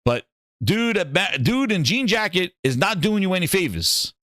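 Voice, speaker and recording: Excitable, animated male gaming host. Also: sits high, normal speed, no room sound, studio quality. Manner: excitable, mocking, laughs and swears. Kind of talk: reacting to clips, rant.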